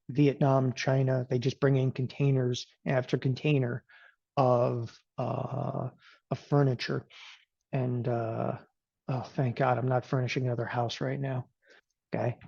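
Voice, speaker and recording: A man's voice: medium pitch, creaky, breathy edge, dry recording, lo-fi sound. A middle-aged man giving casual live market commentary as a strategist, chatty and peppering his talk with "okay?".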